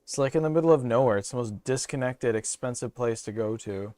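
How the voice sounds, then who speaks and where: A man's voice: mid-range voice, a little fast, dark tone, no room sound. A young man from Canada, rambling profanely through casual gaming commentary. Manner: rambling, profane, jokey asides. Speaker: streamer.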